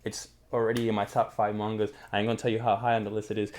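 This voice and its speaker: Slangy, energetic young man recapping manga. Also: fairly low pitch, rapid-fire. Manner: slangy, energetic, with many fillers. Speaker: manga review host. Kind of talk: casual chat, recapping a manga.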